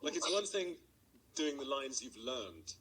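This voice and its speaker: A man's voice: mid-range voice, big pitch swings, measured pace, fairly bright tone, breathy edge, low-quality recording. A man with an English accent, talking hesitantly and self-deprecatingly on a panel. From England. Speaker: actor on a panel. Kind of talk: casual panel talk.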